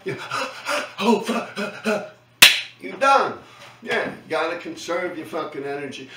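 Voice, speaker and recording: A man's voice: sits high, lively intonation, unhurried, roomy sound, far from the mic, very noisy. A middle-aged man with a New York accent, telling stories in a casual monologue, profane and slangy, tagging his lines with "man.". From New York City. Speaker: host recounting his graffiti days.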